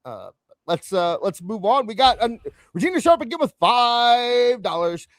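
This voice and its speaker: A man's voice: a little slow, no room sound. A man hosting a casual wrestling talk show, chatting and rambling with a co-host. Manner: animated, rambling, jumps in pitch. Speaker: podcast host.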